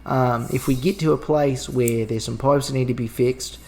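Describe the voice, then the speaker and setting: A man's voice: mid-range voice, fairly even intonation, moderate pace, vocal fry, a little mellow, natural voice. A man playing a cheery, scarred male rogue plumber with a put-on Australian accent, rambling and laid-back as a tabletop game player. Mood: determined.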